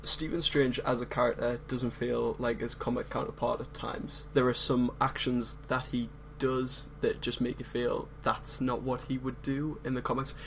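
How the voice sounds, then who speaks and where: A man's voice: medium pitch, flat delivery, normal speed, gravelly, hardly any pauses, a bit bright, a little hiss or hum, low-quality recording. An English man, a guest reviewer on a podcast, giving his candid opinions in casual chat. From England.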